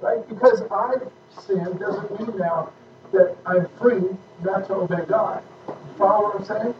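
In an informal teaching talk with questions, a man with a high, unhurried voice leads a church class on parenting, emphatic and conversational and often checking that listeners follow. The room is echoey, and the distant mic sounds muffled and noisy.

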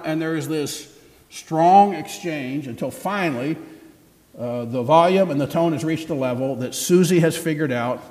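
A man's voice: on the high side, moderate pace, a little mellow. A man preaching a sermon as pastor, telling stories in a conversational way and asking the congregation questions. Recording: echoey hall reverb.

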